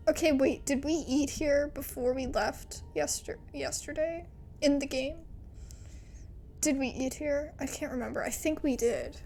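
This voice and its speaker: A woman streamer playing a story game, giggling and thinking out loud as she reads it aloud. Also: sits high, measured pace, slight background noise. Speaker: let's play streamer.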